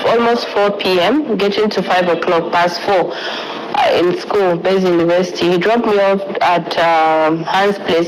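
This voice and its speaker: Woman giving testimony, slow and halting, noisy recording. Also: mid-range voice. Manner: halting, pauses between phrases. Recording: clip with clear background noise.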